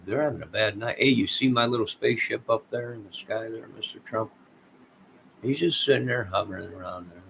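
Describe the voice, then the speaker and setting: A man's voice: fairly low pitch, a little fast, gravelly, sharp tone, slight background noise, rough recording. A man streaming live late at night, rambling in a conspiratorial way and talking straight to his chat.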